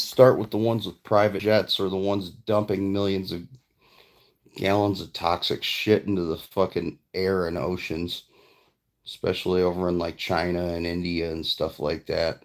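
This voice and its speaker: A man speaks in a casual vlog, loosely telling a family story with plainspoken, profane asides. His voice sits very low, and it has a rough, crackling fry. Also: little pitch movement, normal speed. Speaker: vlogger and father.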